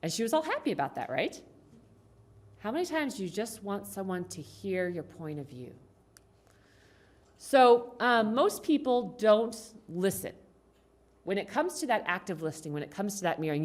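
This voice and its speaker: A woman's voice: mid-range voice, a bit bright. A woman giving a conversational talk to a congregation, asking the audience questions. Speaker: speaker at a congregation. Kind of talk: talk on communication.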